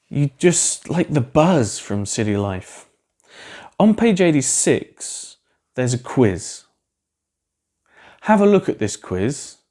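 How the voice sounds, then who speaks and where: A man's voice: mid-range voice, darkish tone. A man giving a recorded English lesson to a class, explaining vocabulary in a chatty way with asides and questions to his students. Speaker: English teacher. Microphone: solo recording for a class video.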